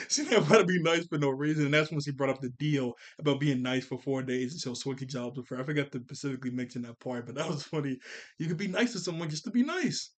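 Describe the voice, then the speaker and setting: A man talks through a cartoon episode in a loose, chatty recap, his voice sitting a little high for a man. He laughs often and stops to correct himself mid-sentence. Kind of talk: casual recap and commentary.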